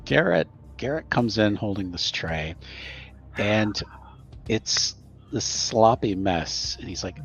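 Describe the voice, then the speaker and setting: A man's voice: lowish voice, animated, slow pace. A man narrating as game master of a tabletop game, rambling with many fillers. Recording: muffled audio with faint music.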